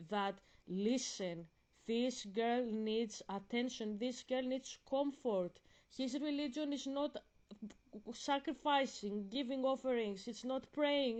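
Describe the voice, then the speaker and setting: A young woman vlogging an impassioned theology rant, emphatic and preachy, repeating and restarting phrases and slowing down on key words. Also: fairly high pitch, a little mellow.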